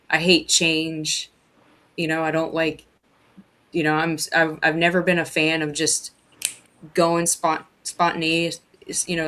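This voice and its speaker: Halting guest telling a personal story. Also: medium pitch, fairly bright tone. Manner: halting, many restarts and fillers.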